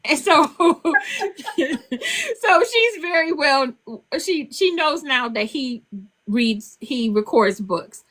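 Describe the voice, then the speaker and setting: An older woman, an author, telling stories on a podcast interview in a casual, animated way, laughing as she goes. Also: slow. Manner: animated, laughing, acts out quotes in a high child voice. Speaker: author and guest.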